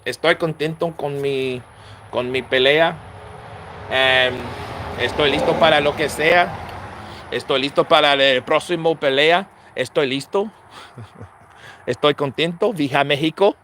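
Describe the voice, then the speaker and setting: Brash boxing-star caricature, done by a male commentator: taunting, boastful, bright. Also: on the high side, unhurried, pauses often, a little hiss or hum.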